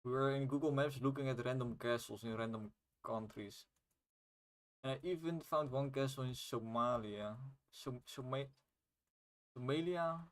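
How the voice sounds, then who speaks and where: Streaming a playtest of a game he made himself, a young man who isn't a native English speaker chats loosely and drops the occasional swear word. He is an indie developer, and his mid-range voice moves at a normal speed.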